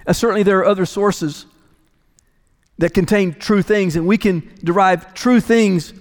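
In a big sanctuary's long, echoing reverb, this pastor delivers a sermon at a measured pace with fairly even intonation. His voice is high and light, and he drives home each point by repeating it emphatically.

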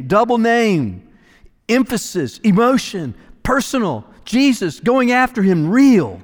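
A man preaching a sermon as pastor, emphatic, repeating phrases for weight and moving between hushed and raised delivery. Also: high voice, very animated, measured pace. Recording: long reverb of a large hall.

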